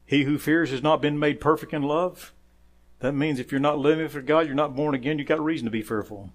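A male pastor delivering a sermon with a fairly high voice. He quotes scripture and says "amen" often. He climbs into loud emphatic runs, then drops low and soft for asides. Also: fairly quick. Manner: emphatic preaching that swells louder on key phrases and drops low and quiet for asides.

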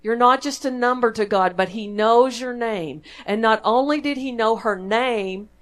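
A woman's voice: on the high side, normal speed. A woman with a Texan accent preaching a sermon in church, in a conversational, folksy way that draws the congregation in with questions. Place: church sanctuary.

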